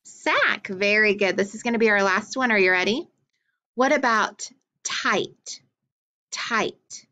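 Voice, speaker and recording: A woman teaching a phonics lesson to young children, enunciating each sound clearly and praising often. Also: mid-range voice, takes it slowly, sharp tone.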